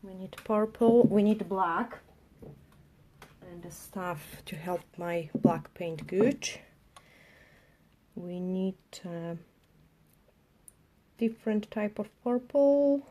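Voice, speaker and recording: A woman's voice: fairly low pitch, fairly even intonation, slow pace, long pauses, dark tone, slight background noise. A woman nail artist chatting on a live tutorial stream, narrating as she tidies her desk, with non-native phrasing. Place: home work desk.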